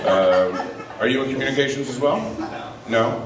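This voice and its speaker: Stand-up comic working the crowd. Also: male voice, mid-range voice, moderate pace, distant mic. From Canada. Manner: animated, swings into loud put-on voices and rants. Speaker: stand-up comedian. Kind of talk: live stand-up with crowd work. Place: comedy club stage. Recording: roomy live club recording from off-mic, audible noise.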